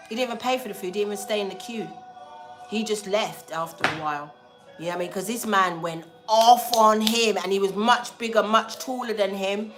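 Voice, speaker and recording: A woman telling a story casually to a livestream audience, animated and slangy, acting out the lines of the people in it. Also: mid-range voice. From England. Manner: animated, slangy, acts out dialogue. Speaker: spiritual livestream host.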